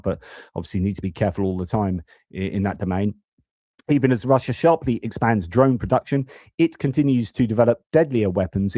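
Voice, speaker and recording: Casting note: male live stream host, casual rambling commentary, low mellow voice, dry sound. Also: no echo. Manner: chatty, rambling, many fillers and restarts.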